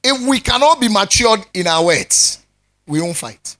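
A man, a pastor preaching a sermon in an animated way, joking with his congregation and calling for their responses. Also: high-pitched, unhurried.

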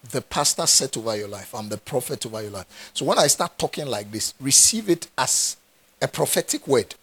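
A man's voice: mid-range voice, fairly bright tone, slightly rough. A man with a Ghanaian accent, a pastor preaching a sermon with emphatic repetition. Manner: emphatic, repeats phrases for stress.

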